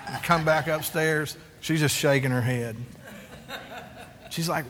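Animated, bright-voiced pastor preaching in a hall. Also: male voice, fairly high pitch, unhurried, long pauses. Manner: animated, confessional, acts out quotes, calls for amens. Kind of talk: sermon. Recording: echoey hall.

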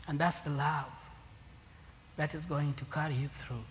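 A man preaching a sermon to a congregation, swinging from loud emphatic lines to near-whispers. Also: a little high, steady tone, a little slow. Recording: long hall reverb, faint room noise.

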